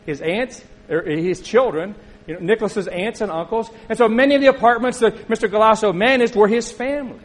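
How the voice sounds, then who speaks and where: Husky high-voiced male pastor. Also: rough recording. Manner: conversational storytelling with questions to the congregation. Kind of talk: sermon.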